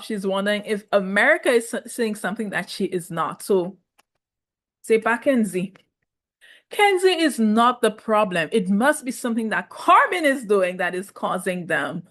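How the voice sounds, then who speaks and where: A woman reviewing a reality show in casual commentary, sassy and animated, laughing often. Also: medium pitch.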